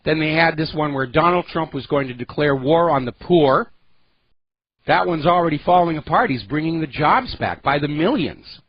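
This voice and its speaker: A man's voice: fairly high pitch, expressive, normal speed. Guy ranting on talk radio, sarcastic and emphatic, kinda muffled audio. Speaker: radio talk show host. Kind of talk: political talk radio monologue.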